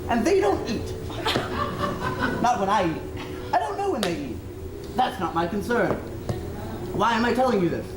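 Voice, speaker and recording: A man's voice: sits high, very animated, normal speed, long pauses. An actor on stage playing a frantic, jilted man who demands to be married now, theatrical and exasperated. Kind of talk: stage play acting. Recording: roomy stage sound from far off, music behind.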